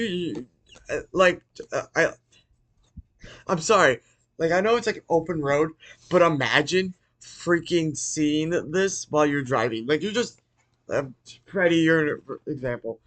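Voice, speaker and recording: An excitable man recapping a horror movie for his channel, wandering through the story with restarts, swearing and quick apologies. His voice sits a bit high, and he talks at a slow, easygoing pace. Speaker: YouTuber reviewing a movie. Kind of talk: casual rambling movie recap.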